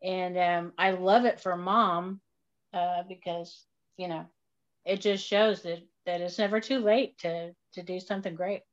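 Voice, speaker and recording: A woman's voice: fairly low pitch, steady tone, measured pace, dull audio. A middle-aged woman, a guest in a casual interview, speaking hesitantly with many fillers.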